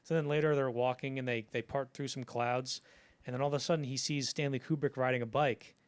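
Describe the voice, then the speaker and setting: A man co-hosting a film history podcast, telling behind-the-scenes anecdotes in a casual, animated way and acting out the quotes. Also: mid-range voice, brisk, clean tone. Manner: animated storytelling, acts out quoted lines. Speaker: podcast co-host.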